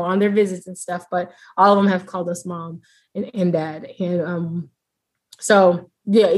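Earnest woman talking about fostering. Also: mid-range voice. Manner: heartfelt and earnest, halting with many restarts. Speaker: guest, foster mother. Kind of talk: casual podcast interview.

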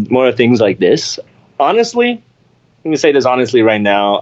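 Lively young actor with a dull lo-fi sound. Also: male voice, sits low. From Memphis, Tennessee. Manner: animated, self-deprecating, laughing. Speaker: actor, podcast guest. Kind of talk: casual interview.

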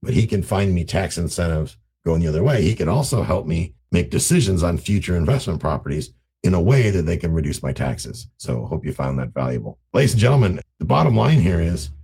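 A man teaching real estate investing in a casual, animated way, acting out conversations in raised voices. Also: low voice, fairly quick, gravelly, slightly rough. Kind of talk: casual teaching talk to camera.

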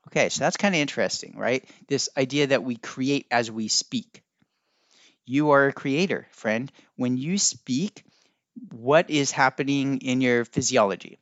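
A man's voice: mid-range voice, clear, resonant tone, no echo, muffled recording. A man hosting a podcast, talking in a loose, musing way and wandering off to look things up as he goes. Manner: rambling and musing, looks things up mid-talk. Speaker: podcast host. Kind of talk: casual spoken podcast talk.

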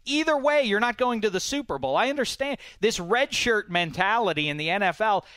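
Bright, animated sports-talk host. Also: male voice, fairly quick, clear, resonant tone, dry recording. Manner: animated, pointed questioning, jumps in pitch when pressing a point. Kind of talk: sports radio debate.

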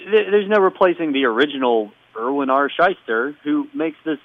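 A man's voice: on the high side, normal speed, dry recording. A man hosting a podcast, retelling a story in casual chat with frequent laughs, on a dull, dry recording. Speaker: podcast host.

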